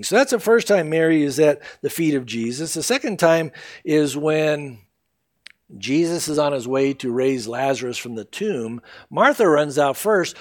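A man with a somewhat high voice preaches a sermon as a pastor. His delivery is conversational and animated, sprinkled with casual asides to the congregation.

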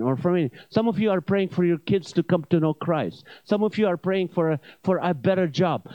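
Male preacher mixing stand-up stories with scripture, slightly higher voice, dull and dry recording. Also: no echo. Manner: joking storyteller, then earnest teaching with restarts. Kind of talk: comedic sermon.

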